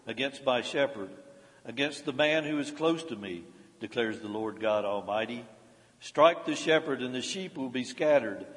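A man preaching a sermon as pastor, reading a devotional commentary in a measured way, lifting his voice on scripture and dropping low when citing chapters. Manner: measured, rising emphasis on scripture, dropping on references. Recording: long reverb of a large hall.

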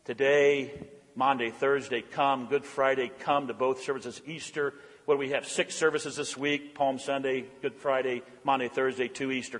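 A man preaching a sermon in a church, swinging between loud proclamations and hushed, intense passages. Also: mid-range voice, level tone, moderate pace. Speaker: pastor. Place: church sanctuary. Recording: long church hall reverb.

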